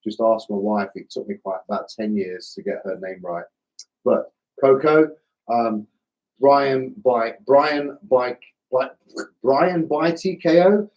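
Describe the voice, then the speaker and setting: A man's voice: medium pitch, darkish tone, lo-fi sound. Chatty man hosting a live stream. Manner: chatty, self-deprecating, chummy with viewers. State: slightly hoarse. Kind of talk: casual live chat reading viewer comments.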